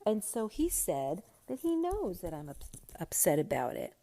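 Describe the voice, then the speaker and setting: A woman's voice: fairly low pitch, normal speed. Middle-aged woman venting a story. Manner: animated, vents with rising heat. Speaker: podcast host. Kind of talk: casual monologue storytelling.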